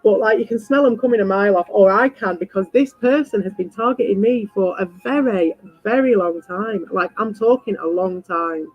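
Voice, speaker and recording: A woman streamer in a casual ranting chat, animated, swearing freely and repeating herself. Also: medium pitch, normal speed, hardly any pauses, no echo, muffled recording, faint music behind. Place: home.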